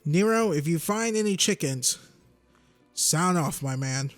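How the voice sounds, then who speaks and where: A man's voice: on the high side, lively intonation, unhurried, faint music behind. A man in his twenties rambling and joking as he commentates a video game. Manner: rambling, joking, talks to himself. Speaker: gaming YouTuber.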